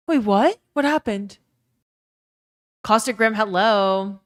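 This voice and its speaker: A woman's voice: medium pitch, slow pace. A young woman with a Southern US accent chatting casually on a live stream, swearing freely and reading out chat messages. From Louisiana.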